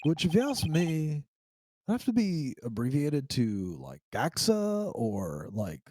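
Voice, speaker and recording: A man's voice: fairly high pitch, wildly swooping pitch, slow pace, warm tone, slight background noise, full character voice. A man voicing a sarcastic young male defense lawyer in an amateur game reading, with wry, drawling asides.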